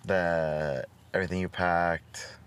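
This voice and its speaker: A man's voice: deep voice, level tone, slow pace, smooth. A young man in a casual podcast chat who teases his friend, swears and laughs often. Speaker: podcast co-host.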